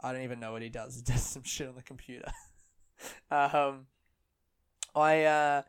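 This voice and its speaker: Rambling man, clear voice. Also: medium pitch, steady tone, normal speed. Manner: rambling, laughs a lot, swears freely. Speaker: comedian podcast host. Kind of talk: casual chat.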